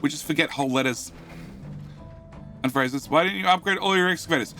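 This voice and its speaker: An Australian man live-streaming a game, his voice sitting a little high and sounding bright and forceful. He rambles along, repeats phrases and drops into low mutters while he works, with faint music playing behind him. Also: a little fast. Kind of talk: casual live-stream commentary, answering chat.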